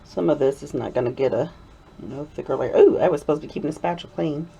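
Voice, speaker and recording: This middle-aged woman talks fast in a low, slightly rough voice with vocal fry while hosting a soap-making video at her home workshop. She chats casually as she crafts, giggles through rambling tangents, and lapses into a playful Southern drawl when excitement hits.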